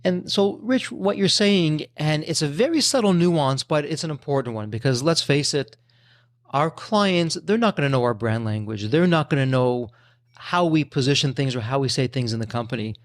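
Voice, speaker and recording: A man's voice: on the high side, lively intonation, moderate pace, no room sound, clean studio sound. A man hosting a podcast, recapping his guest's points and speaking directly to listeners. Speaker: podcast host. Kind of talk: casual interview chat.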